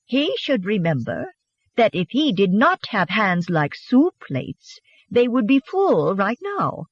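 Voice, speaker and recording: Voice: medium pitch, big pitch swings, takes it slowly, husky, dry recording, highs cut off, pitched above the performer's own voice, heavily acted. An audiobook narrator voicing a playful young wife who whispers teasing remarks in a put-on Swedish accent.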